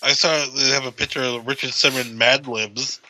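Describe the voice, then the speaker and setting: A man's voice: medium pitch, fairly even intonation, normal speed, sharp tone, no room sound, low-quality recording. A middle-aged man co-hosting a podcast, joking crudely and swearing in casual chat. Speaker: podcast co-host.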